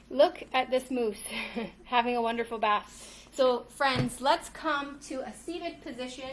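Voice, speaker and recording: A woman's voice: high voice, steady tone, a little slow, far from the mic. A woman who teaches yoga to children, cheerfully reading a storybook and leading a class, often calling the listeners friends. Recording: roomy echo, faint noise.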